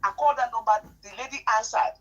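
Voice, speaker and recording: A woman, telling an emotional personal story in an animated, indignant way, often repeating herself. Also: on the high side, quick pace, highs cut off. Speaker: guest telling her story.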